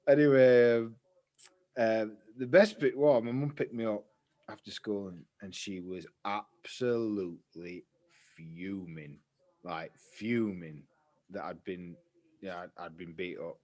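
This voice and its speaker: A man's voice: fairly low pitch, steady tone, takes it slowly, warm tone. A young man, casually telling a long story on a podcast, rambling and swearing freely. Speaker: podcast co-host.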